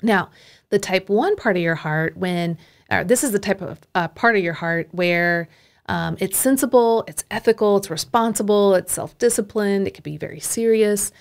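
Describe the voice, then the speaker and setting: Gravelly-voiced woman host explaining. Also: mid-range voice, moderate pace. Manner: clear, teacherly, listing traits. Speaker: podcast host, enneagram coach. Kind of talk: explanatory podcast talk.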